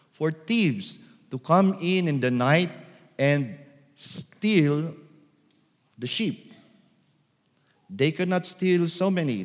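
A priest delivers a sermon at an unhurried, measured pace. Now and then his voice rises into loud calls. The sound carries a long reverb, as in a large church. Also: on the high side. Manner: slow and deliberate, calling out loudly to act the shepherd.

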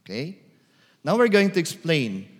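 A priest delivers a sermon at an unhurried, measured pace. Now and then his voice rises into loud calls. The sound carries a long reverb, as in a large church. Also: fairly high pitch, sing-song. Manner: slow and deliberate, calling out loudly to act the shepherd.

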